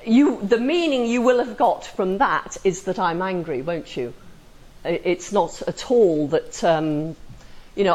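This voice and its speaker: A woman's voice: mid-range voice, poor audio. A woman teaches a class with a voice that rises and falls a great deal. She keeps checking whether her students follow her. She acts out example sentences with dry humor. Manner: questioning, asks the class for agreement. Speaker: lecturer. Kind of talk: classroom lecture.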